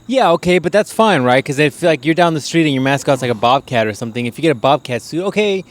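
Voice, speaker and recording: A man's voice: a little high, animated, fast. Profane rambling podcast host, a man. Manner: rambling, profane, laughing storyteller. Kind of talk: casual chat.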